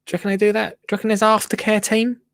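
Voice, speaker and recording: A man hosting a casual livestream, chatting and joking as he reacts to a gardening show. He often restarts his sentences and coos at his plants in a high, sing-song voice. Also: monotone, very fast, fairly bright tone, dry recording, clean studio sound. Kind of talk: casual chat.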